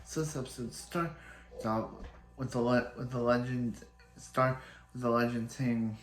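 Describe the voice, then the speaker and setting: Male show reviewer, mid pitch, loose rambling recap, echoey room. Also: steady tone, measured pace. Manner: rambling, many restarts and fillers. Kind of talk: casual episode recap. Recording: roomy echo.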